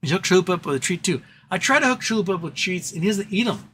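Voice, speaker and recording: A man's voice: sits high, expressive, rapid-fire, bright, forceful tone, slight background noise. A man hosting a casual livestream, reading chat aloud and rambling between topics. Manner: rambling, reads chat aloud, baby-talks to his cat. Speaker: livestream host.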